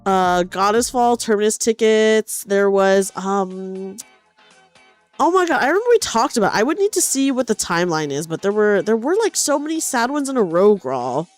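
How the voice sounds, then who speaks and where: Animated young woman streamer, lively voice. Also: medium pitch, normal speed, dry recording, soft background music. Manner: animated, swears, trails into quiet mumbles. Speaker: streamer host. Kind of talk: casual chat.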